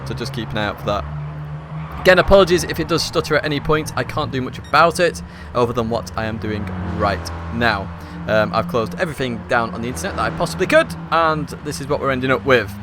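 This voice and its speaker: A slightly hoarse man, hosting a live esports race stream from a hot room at home and commentating in a chatty, upbeat, rambling way. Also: medium pitch, expressive, fast talker, music in the background.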